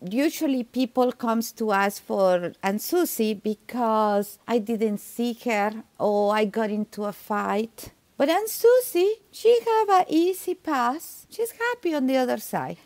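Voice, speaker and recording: Accented woman, medium on a podcast, kinda high voice, tells stories and acts out the quotes, dry close sound. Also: lively intonation, a little slow, hardly any pauses, a little mellow, no room sound. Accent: non-native speaker with a noticeable accent. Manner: storytelling, acts out quoted dialogue, laughs easily. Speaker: medium and tarot reader, guest. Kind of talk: telling a personal story on a podcast.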